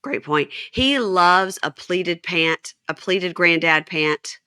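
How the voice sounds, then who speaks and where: Bright-voiced woman hosting a chatty recap. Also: on the low side, slow pace, clean tone, no echo, clean studio sound. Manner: animated retelling, quoting dialogue. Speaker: podcast host. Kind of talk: casual chat recapping a show.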